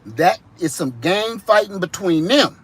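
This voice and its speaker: A man from Ohio doing a comedic monologue, animated and full of slang. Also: sits high, a little slow, slightly rough. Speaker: vlogger.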